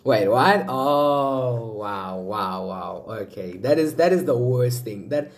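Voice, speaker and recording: A man talks through a casual reaction video in a lively, sing-song voice that swings up and down. He keeps exclaiming and repeating himself, tossing asides to his viewers. His pitch sits in an ordinary middle register. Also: slow pace. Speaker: video host.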